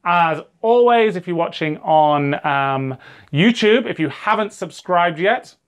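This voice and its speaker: A man's voice: high voice, lively intonation, unhurried, smooth. An English man co-hosting an English-learning podcast, chatty and upbeat, laughing easily. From England. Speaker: podcast co-host, English teacher. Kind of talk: casual educational podcast chat.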